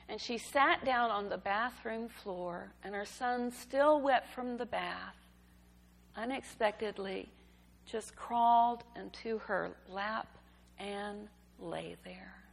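A woman giving a sermon, telling a story in a gentle, unhurried way. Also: mid-range voice, gravelly. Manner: slow, gentle storytelling delivery. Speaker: preacher. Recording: reverberant hall.

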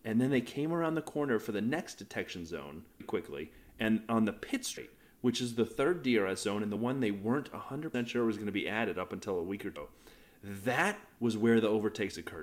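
Chatty low-voiced man recapping a race. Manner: chatty, jumps between race moments. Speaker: podcast co-host. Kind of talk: casual race recap chat.

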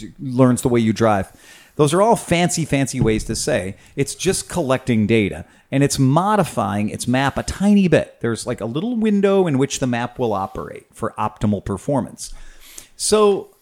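Man, mid-pitched podcast host and bike mechanic, swears casually, explains things step by step. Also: a little mellow. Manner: profane, patient step-by-step explainer.

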